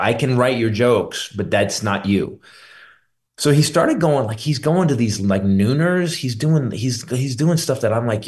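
A man's voice: lowish voice, a little mellow. A middle-aged man, a stand-up comedian, telling candid, rambling stories as a guest on a radio interview.

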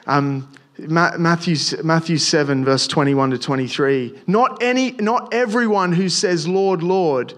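A young man preaching a casual sermon, talking to the listeners conversationally with frequent restarts and repeated words. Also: on the high side.

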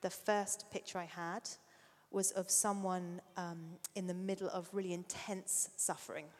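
A middle-aged woman preaching a sermon, an animated storyteller who sometimes drops to a soft near-whisper. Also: fairly low pitch, measured pace. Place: church hall. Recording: long reverb of a large hall.

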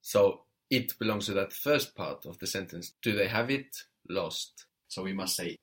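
Man, language tutor, patient and methodical, unhurried delivery, deeper voice. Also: lively intonation, a bit bright. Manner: patient, prompts and corrects step by step. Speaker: French teacher. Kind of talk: one-on-one language lesson.

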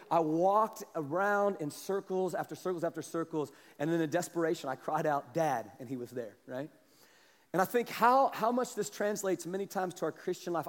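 A man preaching a sermon as a pastor, telling a story with animated energy and a slight cough. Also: high-pitched, long reverb tail. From Kansas, US. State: has a cough.

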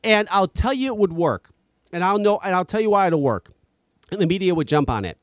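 A man's voice: high-pitched, animated, a little fast, no echo. A man ranting on a podcast, exasperated and profane, talking close to the mic. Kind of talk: heated podcast commentary.

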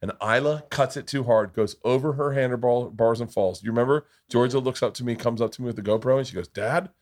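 A middle-aged man hosting a podcast, telling stories in a lively casual way, acting out quotes and swearing. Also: medium pitch, a little fast. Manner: animated storyteller, swears, acts out quotes. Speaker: podcast host. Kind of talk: casual storytelling chat.

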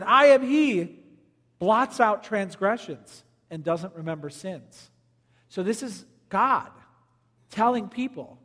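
High-voiced male preacher in a reverberant hall. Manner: preaching with swings between loud emphasis and quiet low lines. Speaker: pastor. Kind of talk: sermon.

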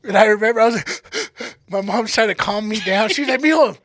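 A man's voice: sits high, a little fast. A man co-hosting a podcast, telling a childhood story casually, swearing a lot and acting out the people in it. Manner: profane, animated storyteller acting out quotes. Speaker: podcast co-host.

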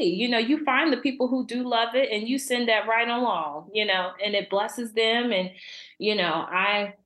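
A young adult woman, a podcast guest, talking casually and warmly about faith and laughing often. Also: medium pitch, echoey room. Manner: warm, chatty, laughs often.

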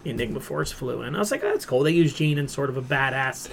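A man's voice: medium pitch, fast talker, vocal fry. A man on a casual podcast who retells a comic-book plot with lots of "like" and brief quoted voices. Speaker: podcast co-host. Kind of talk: casual chat.

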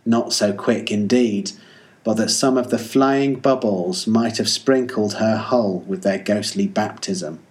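A man narrating a classic sea novel in an even, measured storytelling manner. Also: mid-range voice. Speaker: audiobook reader. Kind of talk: literary audiobook narration.

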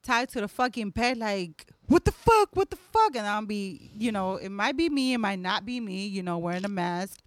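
A woman co-hosting a podcast in casual chat, loud and profane, laughing and acting out voices. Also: mid-range voice, normal speed, hardly any pauses, no echo. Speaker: podcast co-host.

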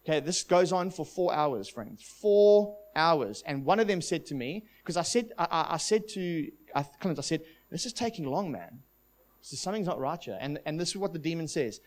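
A man with a high-pitched voice preaches to a congregation. He tells a long testimony in an animated, storytelling way and quotes the people in his story. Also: fairly quick. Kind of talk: sermon with testimony.

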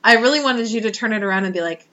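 A woman's voice: fairly high pitch, racing, bright, forceful tone, a little hiss or hum. Easily spooked woman co-host, lo-fi. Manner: reactive, easily spooked, joking. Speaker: podcast co-host. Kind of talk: casual chat.

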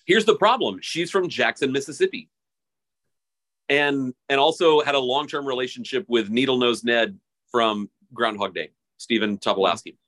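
Animated man in casual podcast chat. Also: medium pitch, normal speed. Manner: animated, mocking quotes in an exaggerated voice. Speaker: podcast co-host.

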